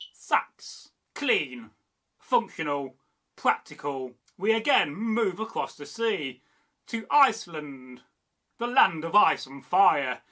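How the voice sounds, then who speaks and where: A man, from the Midlands, giving a scripted history narration in short, measured, dramatic phrases. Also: high-pitched, bright, forceful tone. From English Midlands. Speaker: history presenter.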